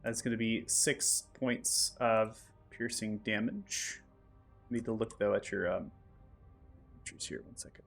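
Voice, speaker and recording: A man acting as game master, calmly narrating the action and explaining rules step by step. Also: fairly low pitch, measured pace, gravelly, soft background music. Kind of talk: narrating and ruling a tabletop game.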